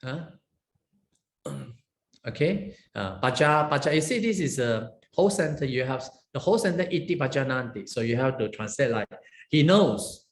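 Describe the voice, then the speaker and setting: A male monk gives a classroom lesson in Pali, breaking down each word and checking in with "huh?" and "right?". His voice sits at an ordinary pitch. The echoey teaching hall carries a faint hum of ambience behind him. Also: lively intonation, normal speed. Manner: explains word by word, many fillers and tag questions.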